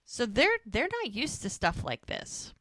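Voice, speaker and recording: A woman co-hosting a podcast, recapping a TV episode in a lively, casual way and acting out the characters' lines. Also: a little high, unhurried, dry recording. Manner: animated retelling, acting out quoted lines. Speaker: podcast co-host.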